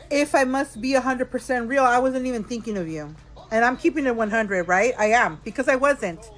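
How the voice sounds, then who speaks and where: A woman's voice: fairly high pitch, lively intonation, normal speed, a bit bright, low-quality recording. Tipsy woman venting on a storytime vlog. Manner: frank, chatty, addresses viewers as girl and y'all. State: a little tipsy. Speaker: vlogger. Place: hotel room, alone.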